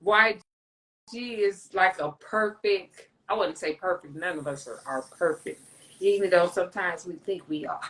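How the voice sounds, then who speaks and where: A woman's voice: on the low side, unhurried, fairly bright tone, low-quality recording. A woman hosting a casual livestream, chatting in a loose, rambling way with plenty of swearing and jokes. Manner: loose, rambling, profane and joking. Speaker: livestream host.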